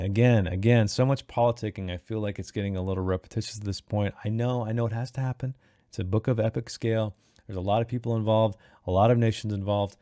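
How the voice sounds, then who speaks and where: A man hosting a casual online book club. He talks about the chapters in an animated, opinionated way and often restarts his sentences. His voice is low and mellow, and the sound is close and dry. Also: no room sound. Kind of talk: casual book review and read-aloud.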